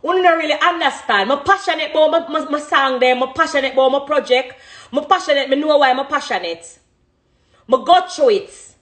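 A high-pitched, bright-ish female voice with a Jamaican accent moves a little fast as this dancehall artist in her thirties reflects on her career. It's heartfelt, off-the-cuff speech, emphatic and brimming with thanks.

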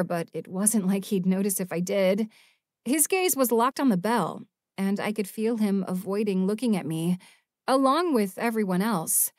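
A woman narrates an audiobook in the first person, reading with expressive emotion. Her voice is mid-range in pitch. The recording is dry and close, with no room sound. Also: dry recording.

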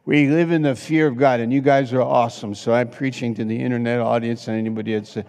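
A man pastor preaching a sermon with passion, swinging between loud exclamations and hushed asides. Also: medium pitch, steady tone, quick pace, gravelly. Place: church sanctuary. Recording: long hall reverb.

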